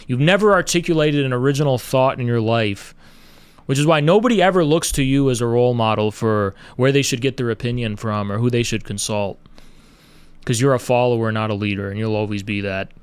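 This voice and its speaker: A man's voice: medium pitch, brisk, clear, resonant tone, dry recording. A man giving a combative livestream monologue, taunting his critics with rhetorical questions. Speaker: party chairman streaming on social media.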